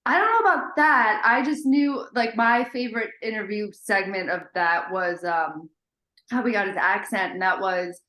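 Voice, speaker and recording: A woman's voice: mid-range voice, normal speed, pushed and bright. Woman telling a story in an echoey room. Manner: storytelling, fillers like "uh". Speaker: podcast guest. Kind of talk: casual chat.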